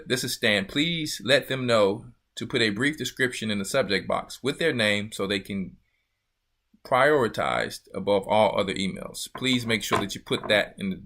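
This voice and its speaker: Bright-voiced man hosting a chatty livestream. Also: lowish voice, measured pace. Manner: loose, joking, chatty. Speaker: church elder and show host. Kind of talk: casual livestream chat.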